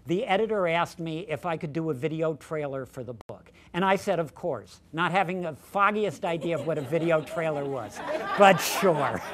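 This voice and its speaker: An older male professor telling a chatty, self-deprecating story during a colloquium talk. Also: on the high side. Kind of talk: anecdotal lecture.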